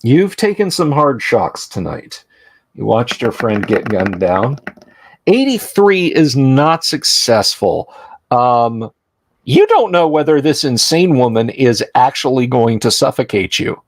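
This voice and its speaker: Guy gm narrating a horror game, slow and measured, dry close mic. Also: mid-range voice, big pitch swings, dry recording. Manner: slow, deliberate, with fillers. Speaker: game master.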